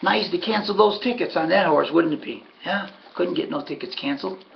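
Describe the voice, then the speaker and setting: Gravelly, folksy man recapping races. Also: high voice, brisk, lo-fi sound, slight background noise. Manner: folksy, sardonic, talks to himself about bets. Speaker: harness racing handicapper. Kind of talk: casual race recap monologue.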